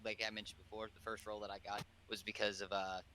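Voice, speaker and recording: A man's voice: lowish voice, level tone, fast, sharp tone, slight background noise. A man on a casual podcast call, rambling as he explains how he got started. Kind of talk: casual group chat on a call.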